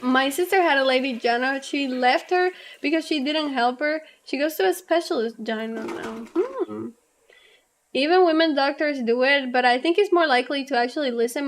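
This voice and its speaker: A young adult woman streamer chatting casually with her live chat, rambling on at length and laughing often, a little low on energy. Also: normal speed. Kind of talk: casual livestream chat, reading chat aloud.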